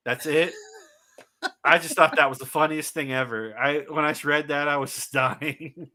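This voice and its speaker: Male co-host, slightly higher bright voice, rambling fun-fact chatter. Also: fairly even intonation, moderate pace. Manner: chatty, rambling, laughs easily. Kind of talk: casual live-stream chat.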